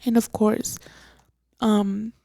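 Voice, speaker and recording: Slow, gravelly-voiced young woman. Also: mid-range voice, level tone, warm tone, dry recording, clean studio sound. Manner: halting, emotional, many fillers and restarts. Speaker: podcast host. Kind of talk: personal storytelling.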